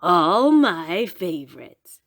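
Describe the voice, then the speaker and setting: A woman's voice: fairly low pitch, sing-song, drawn-out words, fairly bright tone, no echo, studio quality, heavily acted. A woman doing a sly, sweet-talking wicked wolf. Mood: greedy.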